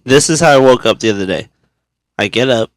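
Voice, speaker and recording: A man's voice: medium pitch, fairly quick, smooth, dry recording. A man in his thirties from Kansas, co-hosting a podcast in casual chat, telling stories with lots of swearing and laughter. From Kansas, USA. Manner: animated storytelling, swears a lot, laughs often. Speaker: podcast co-host.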